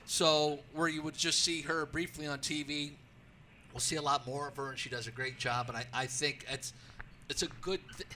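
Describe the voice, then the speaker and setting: Radio guest: male track announcer, punchy bright voice, excitable storyteller, slightly high. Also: normal speed, slight background noise. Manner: excitable, acts out his own calls, many restarts. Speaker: racetrack announcer, show guest. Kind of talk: animated storytelling in a radio interview.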